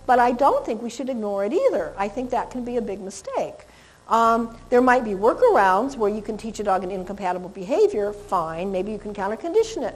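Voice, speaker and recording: A woman's voice: a little high, poor audio. A middle-aged woman giving a lecture on dog behavior, chatty and often laughing, acting out dogs and people in quoted voices.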